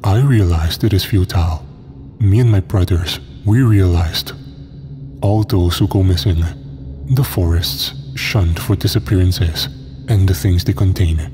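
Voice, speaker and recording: A man voicing a calm, zealous cultist who speaks in a deep, slow monotone. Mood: calm menace. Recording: long hall reverb with faint noise.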